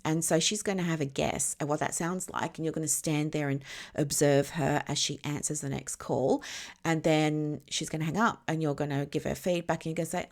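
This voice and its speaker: Low-voiced woman explaining casually. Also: steady tone, fairly quick, darkish tone. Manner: explains through extended analogies, often checks if listeners follow. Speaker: business mentor. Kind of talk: casual teaching monologue.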